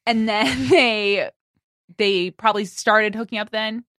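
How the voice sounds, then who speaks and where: A woman's voice: medium pitch, slow pace, a bit bright, dry recording, clean studio sound. A woman co-hosting a podcast in casual chat, rambling and laughing often. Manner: giggly, rambling, full of "like". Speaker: podcast co-host.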